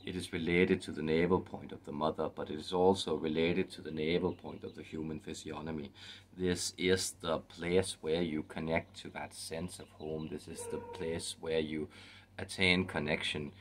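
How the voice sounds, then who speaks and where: A man voicing a wise, whimsical male spirit guide with a put-on Irish accent, speaking in a sing-songy, formal, measured way as channeled spiritual teaching. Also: rumbling low, level tone. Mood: earnest.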